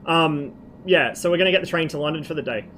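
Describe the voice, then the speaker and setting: A man from Australia rambles through swear-laden stories during a relaxed stream chat, his voice sitting a touch high for a man. Steady background noise runs under the whole recording. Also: fast talker. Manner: rambling, profane storytelling. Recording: noisy background.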